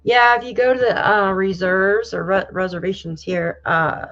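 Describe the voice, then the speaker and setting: A woman from New York State hosting a casual livestream, reading viewer comments aloud and reacting with loud exclamations and casual swearing. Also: medium pitch, steady tone, normal speed. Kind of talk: casual live chat. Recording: slightly dull lo-fi audio.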